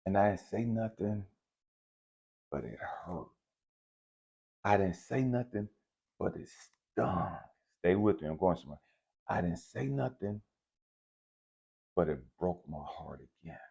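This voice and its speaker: Working through forgiveness, this man swears openly and confesses directly to his viewers in a casual spiritual monologue. He's a vlogger with a deep, husky, dark voice and vocal fry, animated yet unhurried, pausing often; the recording is muffled.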